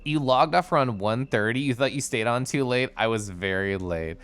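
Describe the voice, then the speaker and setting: A man's voice: mid-range voice, normal speed, a bit bright, clear, resonant tone. A man streaming a game, chatting casually in a bubbly, giggly, theatrical way. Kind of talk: casual livestream chat over gameplay.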